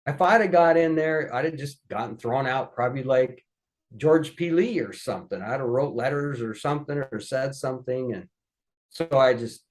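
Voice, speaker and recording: Guesting on a podcast, this man talks at normal speed with a medium-pitched voice. His family stories come out casually and lively, and he performs the voices of everyone he quotes.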